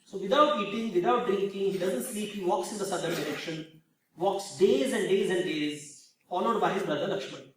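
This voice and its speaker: A man with an Indian English accent giving an animated storytelling lecture, full of rhetorical questions, in a large hall. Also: high-pitched, normal speed, a little hiss or hum. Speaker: speaker. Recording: very echoey hall, far from mic.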